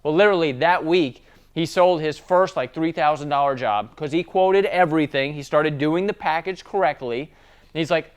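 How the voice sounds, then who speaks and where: A man coaching salespeople in a casual, story-driven talk. His voice sits a little high and is smooth and clear. He keeps checking in with his listeners as he goes. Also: normal speed. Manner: conversational storytelling, tag questions. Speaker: sales trainer. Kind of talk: casual business training talk.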